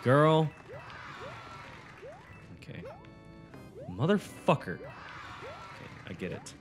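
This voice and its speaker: A man's voice: medium pitch, very animated, takes it slowly, a bit bright, faint music behind, some chatter behind. A young man commentating his own gameplay, swearing, boasting and getting frustrated as he talks to a friend. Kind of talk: swearing let's-play commentary.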